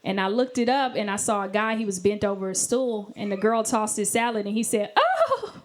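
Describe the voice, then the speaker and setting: A woman's voice: mid-range voice, steady tone, a little fast. A woman performing a stand-up comedy set, telling brash stories and acting out voices with sudden shrieks. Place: comedy club stage with laughing audience. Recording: live club recording with audience noise.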